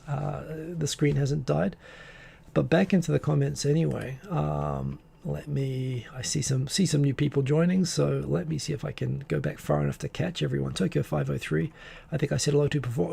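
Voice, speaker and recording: A man with a deep gravelly, husky voice hosts a relaxed live stream. He chats loosely, wanders between topics and reads out viewers' names. His tone sits on the mellow, dark side. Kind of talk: casual live-stream chat.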